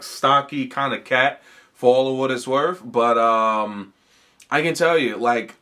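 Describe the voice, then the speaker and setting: A man's voice: medium pitch, sharp tone. A man hosting a comedy podcast, telling a rambling, profane story in a casual way, full of fillers and restarts. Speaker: podcast host.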